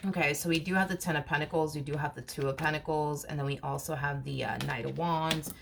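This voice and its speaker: A woman's voice: sits low, fairly even intonation, fast talker, gravelly, fairly bright tone, a little hiss or hum. A woman giving a casual tarot reading to her viewers, chatty and repetitive, with many fillers. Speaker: tarot reader.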